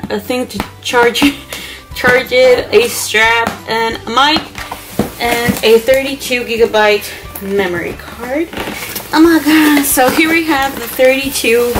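A young woman in a beauty vlog, unboxing a new camera and gushing over each item with breathless exclamations. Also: high voice. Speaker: beauty vlogger.

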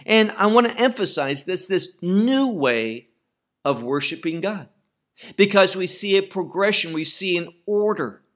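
Slow, deliberate male Bible teacher. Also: on the high side, a bit bright. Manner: deliberate, repeats phrases for emphasis. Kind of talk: Bible study lecture.

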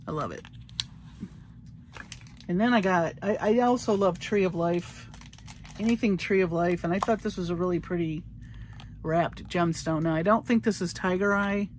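A woman's voice: fairly low pitch, moderate pace, long pauses, a little mellow, slight background noise. A woman showing her bead haul in a casual, gushing, chatty way. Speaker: crafting vlogger. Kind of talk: casual show-and-tell haul.

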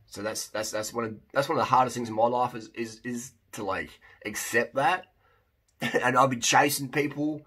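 A man's voice: mid-range voice, fairly even intonation, normal speed, a bit bright, husky. A man talking casually to camera as a fitness vlogger and coach, emphatic and blunt, with many restarts.

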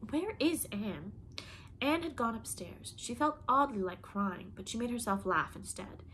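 A woman narrating an audiobook in a measured, expressive reading. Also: on the high side, slight background noise. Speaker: audiobook reader.

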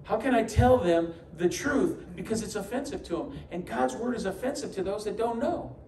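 In a church sanctuary, a New Yorker preaching as pastor tells stories with humorous asides, acting out the voices he quotes. His high voice is darkish, with lively intonation at normal speed. Heard from a distant mic in an echoey hall, there's faint ambience and slight background noise.

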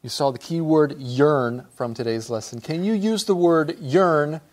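A man co-hosting a scripted English lesson, reading quiz questions clearly in a playful manner. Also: fairly high pitch, measured pace. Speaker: co-host of an English lesson show.

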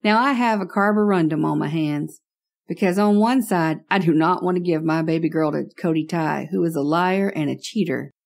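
A woman's voice: low voice, normal speed, gravelly, a little mellow. A woman narrating a first-person horror story in a wry, conversational way.

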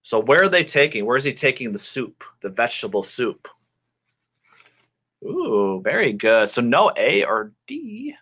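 A man teaching a children's English class online in a playful, animated way, with sound effects. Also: mid-range voice, a little slow, husky.

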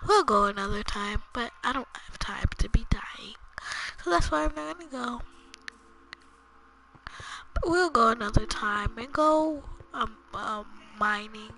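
A woman's voice: fairly high pitch, lively intonation, moderate pace, bright, forceful tone, slight background noise, poor audio. A woman chatting through her own gameplay for her channel, talking to viewers, headphones on. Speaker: gaming channel host. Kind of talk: casual gameplay commentary. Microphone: headphones with a mic. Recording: game music playing behind.

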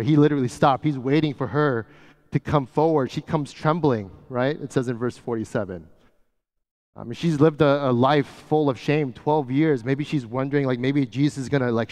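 A man preaching a sermon as pastor, talking casually and often dropping to a soft, hushed voice. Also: medium pitch, normal speed. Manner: conversational, often drops to a soft hush. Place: church sanctuary. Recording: church hall with long reverb.

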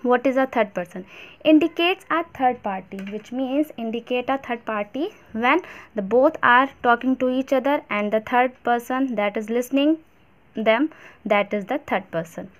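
Teacher, female, Indian English accent, slightly high voice, explains step by step with halting pauses. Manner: explains step by step, many fillers and restarts. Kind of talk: classroom grammar lesson.

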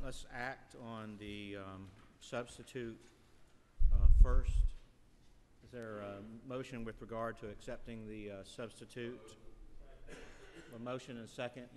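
A man chairing a legislative committee hearing, moving through procedure with halting fillers. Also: mid-range voice. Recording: echoey hearing room with faint noise.

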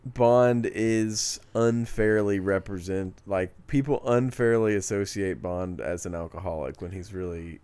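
Low-voiced joking young man. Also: unhurried, hardly any pauses, a little mellow, clear, resonant tone. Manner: joking, encouraging, playful banter. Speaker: co-host watching a game playthrough. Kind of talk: casual gaming chat.

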